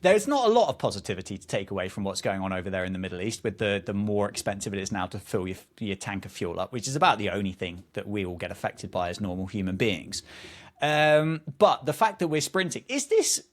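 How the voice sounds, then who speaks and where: A man's voice: on the low side, big pitch swings, quick pace. Playful chatty male podcast host. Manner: playful, rambling, enthusiastic. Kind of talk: casual chat.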